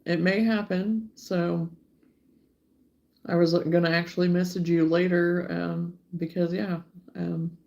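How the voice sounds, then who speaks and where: A woman's voice: on the low side, little pitch movement, slow, vocal fry, a little mellow, lo-fi sound. A woman with an Arkansas accent hosting a casual livestream, chatting and laughing as she answers viewers by name. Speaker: livestream host.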